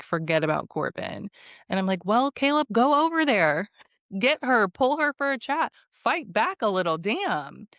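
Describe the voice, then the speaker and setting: A woman's voice: medium pitch, creaky, no room sound, clean studio sound. A woman giving a casual reality show recap, sassy and full of laughs and mocking asides. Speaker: recap host.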